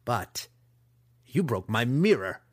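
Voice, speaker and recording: A man voicing a cruel, disfigured male dark elf wizard in an audiobook, growling and drawing out his words in snarls. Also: medium pitch, big pitch swings, dry recording. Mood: menacing. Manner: growling, roaring, drawn-out snarls. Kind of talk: audiobook character voice.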